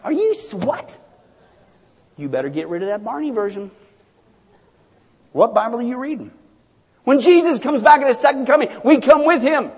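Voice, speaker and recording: A man preaching a sermon as pastor, animated, swinging between sudden shouts and hushed asides, in a church sanctuary. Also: very high-pitched, moderate pace, pauses often, breathy edge. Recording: long reverb of a large hall.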